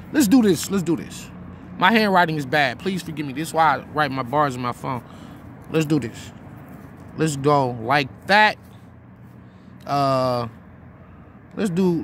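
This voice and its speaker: A man with a high-pitched voice gives an informal lesson on writing rap rhymes. He talks loosely and repeats himself, and now and then recites example bars. A faint hiss of noise sits under the voice. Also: fairly bright tone. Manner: demonstrates by reciting rhyme bars, casual and repetitive. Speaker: battle rap writing teacher. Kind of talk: informal instructional talk to camera.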